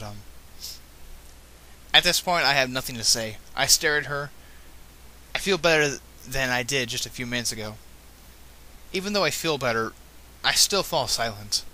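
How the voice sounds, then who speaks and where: A man's voice: medium pitch, sharp tone. A man reading fan fiction aloud, breaking off with casual, self-correcting asides. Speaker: reader.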